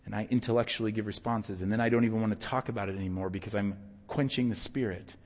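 A man preaching a sermon as pastor, telling personal stories in an earnest, animated way with bursts of loud emphasis. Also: fairly low pitch, fast. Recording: long hall reverb.

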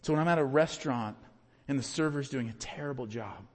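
Earnest male pastor in a reverberant hall. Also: fairly quick. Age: adult with young children. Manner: earnest, builds to emphatic peaks then drops low. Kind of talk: sermon.

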